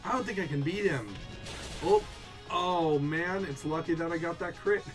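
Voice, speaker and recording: A man giving casual gaming commentary as a let's play co-host, excitable and laughing often. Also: a little high, moderate pace, over music.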